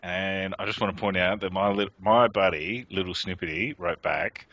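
Man co-host, very deep but forceful voice, teasing and jokey; dull, dry home-mic sound. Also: fairly even intonation, moderate pace, no room sound. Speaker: podcast co-host. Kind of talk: casual gaming podcast chat.

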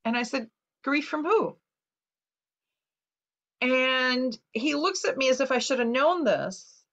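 A woman's voice: high voice, moderate pace, a bit bright. A woman author telling a personal story in an interview, earnest and full of fillers as she quotes what people said to her. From United States. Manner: earnest, recounting with quoted dialogue and many fillers. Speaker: author guest. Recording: dull lo-fi recording.

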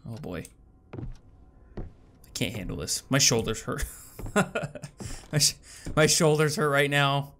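A man's voice: mid-range voice, expressive, measured pace, gravelly, long pauses, fairly bright tone, slight background noise. A man playing a horror game and talking to his viewers, nervous and jumpy, swearing and muttering to himself, with faint keyboard clicks. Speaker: gaming channel host. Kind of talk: horror game let's play commentary.

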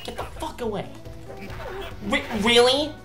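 Woman gamer, higher voice, ranting and cursing through play, game music loud behind. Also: a little slow, roomy sound. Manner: exasperated ranting, frequent swearing. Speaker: let's play host. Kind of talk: gameplay commentary.

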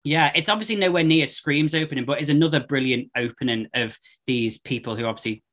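A man, hosting a horror podcast in rambling, animated casual chat. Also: on the high side, fairly quick. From north of England. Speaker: podcast host.

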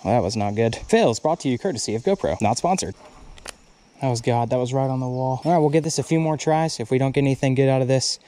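A young man casually narrating his own fishing trip outdoors, excitable and quick to swear, recorded on a chest-mounted action camera. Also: medium pitch. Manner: excitable and profane, swears freely when snagged. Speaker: fishing vlogger. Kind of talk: casual on-the-go vlog commentary. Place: outdoors at a creek by a bridge.

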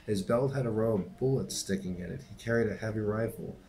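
A man reads a novel aloud in a steady, unhurried way. His voice sits lowish, and a faint hiss runs under the recording. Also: low-quality recording. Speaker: reader and teacher.

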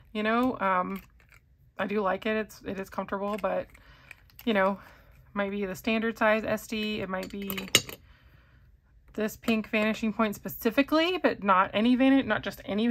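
A woman hosting a relaxed question-and-answer video, talking casually and rambling a little, with frequent ums, little laughs and self-corrections. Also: mid-range voice. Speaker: fountain pen channel host. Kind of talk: casual chatty Q&A.

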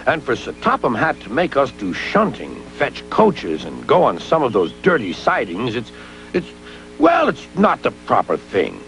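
A man's voice: medium pitch, huge pitch swings, normal speed, vocal fry, fairly bright tone, faint music behind, heavily acted. A man voicing a haughty, self-important big male steam engine in a children's storybook tale.

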